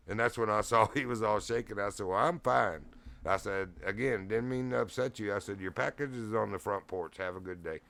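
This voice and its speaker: A man's voice: on the low side, brisk, gravelly, a bit bright. A man telling a rambling, profane story in casual chat, laughing often and getting heated as he retells it. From Virginia. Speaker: streamer.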